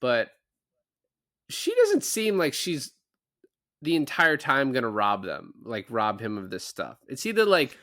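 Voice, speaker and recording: A man's voice: medium pitch, wildly swooping pitch, a little slow, fairly bright tone, no echo, clean studio sound. A man co-hosting a podcast, rambling casually about a movie and laughing often. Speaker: podcast co-host.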